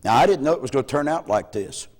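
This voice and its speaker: A man's voice: medium pitch, expressive, quick pace, darkish tone. A male pastor preaching a sermon through folksy personal stories, chuckling between lines, heard on an old VHS tape. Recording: old VHS tape with long hall reverb.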